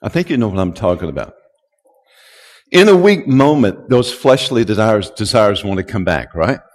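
A male pastor preaching a sermon, who builds to loud call-and-response and draws out key words. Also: on the low side, big pitch swings, moderate pace. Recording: long hall reverb.

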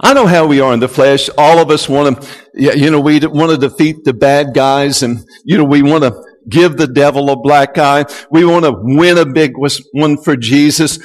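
A male pastor preaching a sermon, who builds to loud call-and-response and draws out key words. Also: a little high, normal speed. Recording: long hall reverb.

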